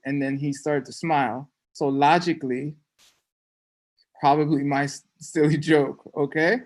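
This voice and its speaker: A teacher giving a relaxed online class, joking often and checking in with "okay?". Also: mid-range voice. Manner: playful, joking, frequent "okay?" check-ins. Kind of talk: casual online class lecture.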